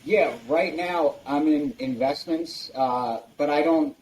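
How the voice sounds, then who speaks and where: A man's voice: a little high, slow, a little mellow, a little hiss or hum, poor audio. A man in his forties from New Jersey, a guest telling loose stories full of fillers and swearing in a casual interview. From United States, New Jersey. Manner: loose, profane storytelling with many fillers.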